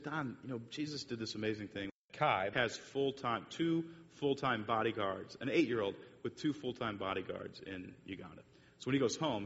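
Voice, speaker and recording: A man's voice: vocal fry, a bit bright. Man telling a story in an echoey hall. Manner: rambling, with many fillers and restarts. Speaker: speaker giving a church talk with slides. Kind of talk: storytelling sermon. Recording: muffled echoey hall recording with faint rumble.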